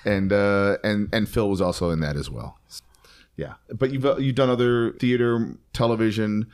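A man with a fairly low voice, talking in an easy, conversational way. He plays interviewer, tossing out quick follow-up questions in a relaxed chat. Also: clean tone. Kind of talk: casual conversation.

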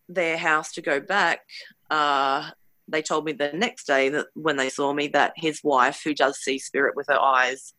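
Woman telling her own story, bright crisp voice, dry close sound, kinda hesitant and earnest. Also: low voice, no echo. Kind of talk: personal storytelling.

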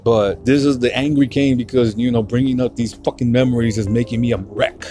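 Over faint music, the young host talks a little fast in a mellow, medium-pitched voice with a steady tone. Working through painful memories alone on his podcast, he curses hard, trips over words, repeats himself, and is on the verge of crying.

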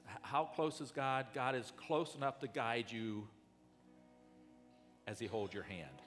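A male pastor preaching a sermon in an earnest way, rising loud and then dropping soft. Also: medium pitch, a little slow, pauses often, long reverb tail, faint music behind.

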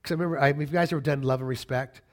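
A man's voice: a little high, fairly even intonation, racing. A middle-aged man preaching a sermon as a pastor, conversational and emphatic, repeating key phrases and joking casually with the congregation.

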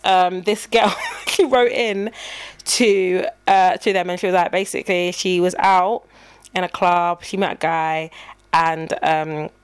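A woman's voice: on the low side, unhurried, clean tone. A young woman co-hosting a podcast, telling stories animatedly with frequent restarts. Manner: animated storyteller, restarts and repeats mid-sentence. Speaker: podcast co-host. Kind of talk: casual chat.

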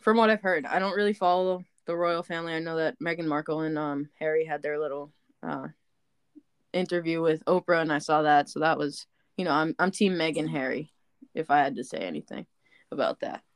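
A woman's voice: sits low, a little fast, clear, resonant tone, dry recording. A young woman from the northern US co-hosting a podcast, teasing her partner in laughing banter. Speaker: podcast co-host. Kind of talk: casual chat.

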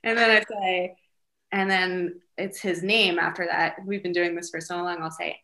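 A woman's voice: fairly low pitch, level tone, a little slow, pushed and bright. A woman, a single mother, chatting casually in an interview with many fillers and light laughs. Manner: chatty, lots of fillers, giggly.

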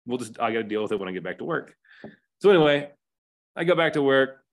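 A man's voice: mid-range voice, animated, quick pace. A middle-aged man with an American accent, a fire captain telling a story as a podcast guest in a candid, casual way, cursing now and then and acting out quoted dialogue.

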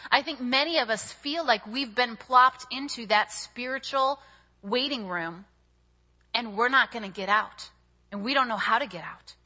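A woman with a bright, forceful voice preaches, telling her story in an animated, chatty way full of fillers. Her voice sits a little high and rings out with a long hall reverb. The sound is dull, with the top end rolled off. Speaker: speaker at a church service. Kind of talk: sermon with personal storytelling.

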